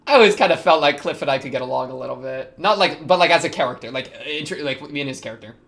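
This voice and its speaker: A young man, reacting to an anime episode in casual commentary, excitable, laughing often and talking back to the characters. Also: fairly high pitch, racing, gravelly.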